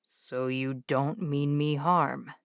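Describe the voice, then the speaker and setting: A woman voicing a sardonic, teasing adult male emperor in an audiobook, speaking in a wry, languid, slow drawl. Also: low voice, fairly even intonation, creaky, dry recording, clean studio sound, pitched below the performer's own voice, exaggerated voice.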